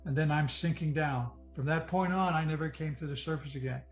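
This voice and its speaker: A man from Michigan giving an earnest personal testimony about nearly drowning, reflective and halting, often restarting his sentences. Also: fairly high pitch, rough recording. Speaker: near-death experience storyteller. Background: soft music.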